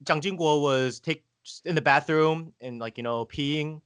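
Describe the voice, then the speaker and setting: Halting male podcast guest from Taiwan. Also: a little high, fairly bright tone, clean tone, no room sound. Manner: hesitant, halting, filler-heavy storytelling. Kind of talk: casual conversation.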